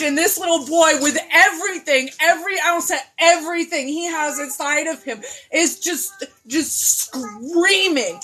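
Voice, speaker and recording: A woman hosting a live stream from home, ranting with emphatic, profane force and swinging between loud and hushed talk. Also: high voice. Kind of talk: impassioned live rant.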